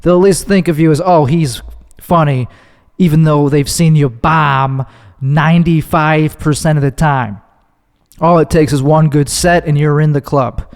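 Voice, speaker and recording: A man's voice: on the high side, fairly even intonation, normal speed, a little mellow, big-room sound. A man hosting his own podcast, delivering a rambling, profane, sardonic comedic monologue that keeps cutting itself off. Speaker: podcast host.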